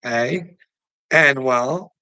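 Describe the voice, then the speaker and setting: A Canadian man with a Canadian accent hosts a livestream, crudely ranting at his chat in a casual way, swearing often and laughing between remarks. His voice is medium-pitched, bright and pushed, with drawn-out words and a clean tone. There's no echo, though the recording is rough.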